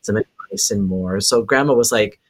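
A man from Hawaii, a psychic medium on a podcast, telling a story in a lively way and laughing as he goes. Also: on the low side, moderate pace. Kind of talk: casual storytelling.

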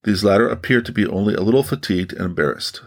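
Gravelly low-voiced male narrator. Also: fast talker. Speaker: audiobook narrator. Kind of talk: scripted audiobook narration.

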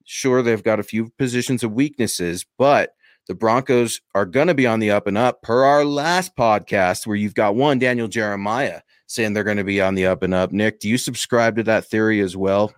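A man's voice: fairly low pitch, normal speed, dry recording, clean studio sound. A man hosting a casual sports podcast, chatty, reading out supporter thanks and putting questions to his co-host.

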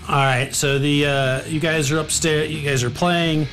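A man narrating as game master of a tabletop game, relaxed and full of fillers. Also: a little high, moderate pace, soft background music.

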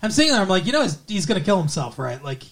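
A man's voice: sits high, big pitch swings, very fast. A man co-hosting a podcast, telling a story in a loose, rambling way and chuckling now and then. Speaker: podcast co-host. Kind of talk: casual chat recapping a TV episode.

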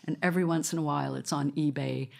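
A woman's voice: low-pitched, steady tone, quick pace, gravelly. A woman radio host telling stories in a live studio conversation, chatty and often laughing.

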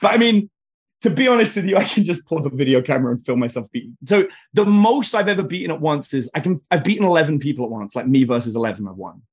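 A man's voice: on the high side, sing-song, fast talker, husky. A man speaking as a podcast guest, telling rambling stories with frequent restarts. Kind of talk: casual storytelling.

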